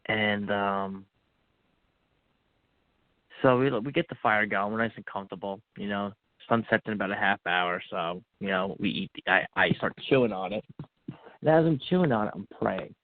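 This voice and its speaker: A lowish, gravelly male voice comes through a thin, phone-like line with no room sound at all. He tells a personal story in earnest, breaking into the words he said to himself as if reliving them. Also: moderate pace, no room sound. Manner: earnest, acts out his own inner dialogue. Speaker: podcast guest. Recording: tinny phone-like line, dry.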